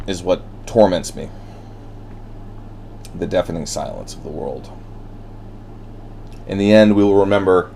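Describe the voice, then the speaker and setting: A man giving a solo ranting monologue, blunt and profane, with wry laughs between thoughts. He swings between heated outbursts and quiet brooding. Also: low-pitched, slight background noise. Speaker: podcast host.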